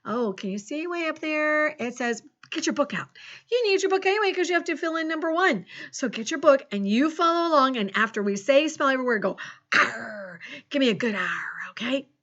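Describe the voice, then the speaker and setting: A middle-aged woman teaching an online phonics lesson in a cheerful, animated way, spelling words out letter by letter and adding playful pirate arrs. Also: high-pitched, a little fast, muffled recording. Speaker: second grade teacher.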